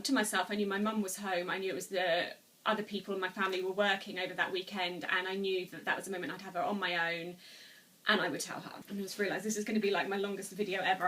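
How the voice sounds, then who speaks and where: A woman's voice: mid-range voice, sharp tone, far from the mic. A woman in her twenties telling a personal story to camera at home, earnest and rambling with many restarts. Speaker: vlogger. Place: room at home, seated.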